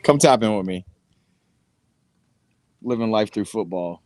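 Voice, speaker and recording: A man's voice: lowish voice, expressive, unhurried, a little mellow, no echo. A young man hosting a live watch-party stream, chatting casually over a football match in a laid-back, slangy way and talking straight to his chat.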